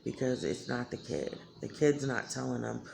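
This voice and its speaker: A woman's voice: rumbling low, expressive, normal speed, creaky, darkish tone, slight background noise. A woman talking candidly to her viewers in a blunt, emotional way, swearing freely. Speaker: vlogger. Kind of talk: candid talk to camera.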